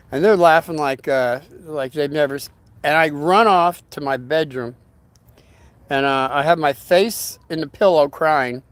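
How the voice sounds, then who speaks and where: A man's voice: fairly high pitch, no room sound. An older man hosting a casual storytelling livestream, rambling in a folksy way and greeting viewers by name as he reads their comments.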